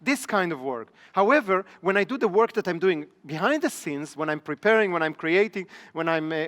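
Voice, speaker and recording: A man's voice: sits high, fairly bright tone. A middle-aged man, a business trainer, giving a live seminar lecture in a training room and checking in with his audience through repeated rhetorical questions. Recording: long reverb in a large training hall.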